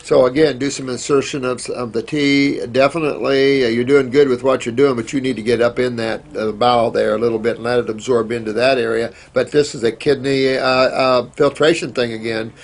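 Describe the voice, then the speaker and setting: A man's voice: mid-range voice, little pitch movement, brisk, vocal fry, hardly any pauses. A man hosting a question-and-answer show, giving casual, rambling advice with many fillers and restarts.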